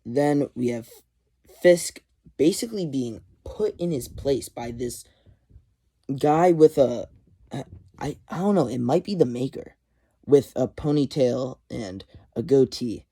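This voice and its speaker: A man's voice: medium pitch, a little slow, husky. A man casually recapping a comic issue, retelling scenes animatedly and quoting characters. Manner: animated retelling with quoted lines and chuckles. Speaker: comic book reviewer.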